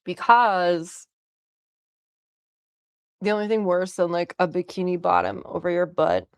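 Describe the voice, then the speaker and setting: A young woman streamer casually telling a story, animated, often laughing and swearing freely. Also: lowish voice, a little slow, creaky, pauses often, no room sound, studio quality.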